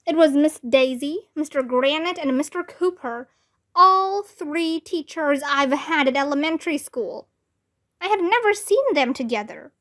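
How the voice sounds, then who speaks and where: A woman's voice: high voice, expressive, measured pace, fairly bright tone. A woman reading a children's chapter book aloud, narrating expressively in a boy's first person. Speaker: storybook reader.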